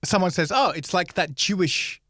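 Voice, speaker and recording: A man's voice: high voice, moderate pace, no echo, studio quality. A male comedian co-hosting a podcast, chatting casually and acting out little stories with voices. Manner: animated storyteller, acts out voices. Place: Moscow.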